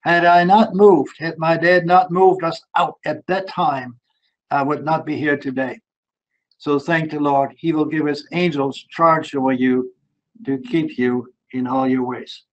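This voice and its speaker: A man's voice: a little high, steady tone, a little slow, dull audio. A man, preaching earnestly and telling his life story with emphatic repetitions. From Germany. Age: 70s. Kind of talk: sermon.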